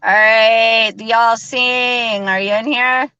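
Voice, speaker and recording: A woman's voice: on the high side, steady tone, slow, pushed and bright, clear, resonant tone, no room sound, dull audio. A woman hosting a live stream in casual chat, chatty, laughing often and using lots of fillers. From American South.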